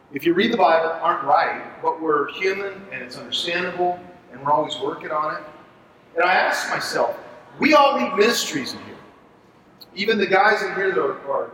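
Guy leading bible study, super expressive voice jumping all over, long hall reverb, faint background hiss. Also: sits high. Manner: animated, conversational, asks for agreement. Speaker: pastor leading a ministry group. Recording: echoey room, far from mic.

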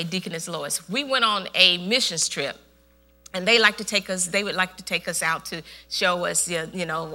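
A woman pastor preaching a sermon, telling a story with lots of laughter and emphatic, repeated phrases. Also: on the low side. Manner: animated storytelling, laughs often.

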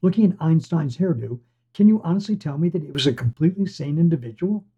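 A man's voice: fairly high pitch, expressive, quick pace, warm tone, slightly rough. A man voicing a chatty, pushy talking severed head of a man, needling and wheedling. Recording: dull lo-fi recording.

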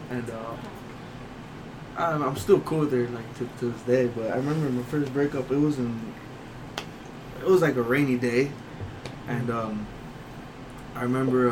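Casting: young guy, mid-pitched, loose story-time chat over a noisy room. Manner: rambling, laughs through his story. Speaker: storyteller among friends. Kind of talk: casual chat.

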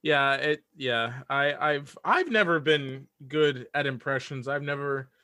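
A man's voice: mid-range voice, measured pace, sharp tone, dry recording. A man guest on a podcast talking in casual chat, hesitant with lots of restarts. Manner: hesitant, many restarts and fillers. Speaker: guest, audio drama writer.

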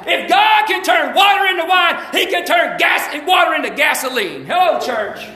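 A Southern-accented man preaches in a church, his voice pitched unusually high as he swings into shouted calls to the congregation. The sound carries a roomy echo from the sanctuary around him. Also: expressive, normal speed, few pauses. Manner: fervent preaching, rising to shouts and calling out to the congregation. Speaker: pastor. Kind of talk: sermon.

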